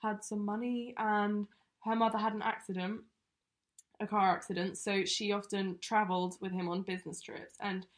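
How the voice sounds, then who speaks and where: A woman's voice: mid-range voice, little pitch movement, normal speed. A woman co-hosting a true-crime podcast, telling the case in a loose, chatty way with lots of fillers. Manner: chatty, many fillers like um and you know. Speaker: podcast co-host presenting the case.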